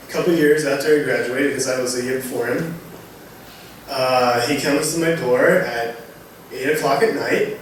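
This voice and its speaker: A young man telling joking stories about his late friend at a memorial, laughing often. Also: on the high side. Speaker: friend of the deceased. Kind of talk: memorial tribute speech. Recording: very echoey, distant, noisy.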